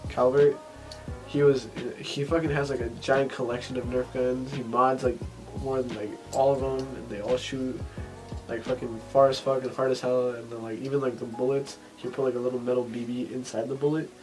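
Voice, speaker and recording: A man's voice: medium pitch, flat delivery, fairly quick, darkish tone, soft background music, rough recording. A man hosting a podcast in casual chat, rambling, swearing freely, and leaning on fillers. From family ties to Texas. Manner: rambling, profane, many fillers. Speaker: podcast host.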